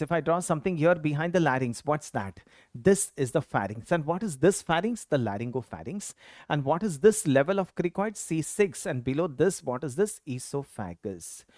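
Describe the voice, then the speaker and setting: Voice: medium pitch, a little mellow, no room sound, studio quality. A teacher giving an exam-prep anatomy lecture, asking the class questions, answering them, and repeating key terms. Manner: quizzes students with questions and answers them himself.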